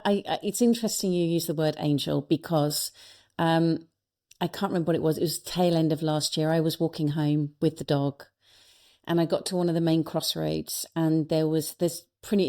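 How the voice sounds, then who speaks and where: Woman with a lowish voice. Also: warm tone. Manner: earnest, thoughtful, personal. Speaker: speaker and coach, interview guest. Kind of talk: reflective conversational storytelling.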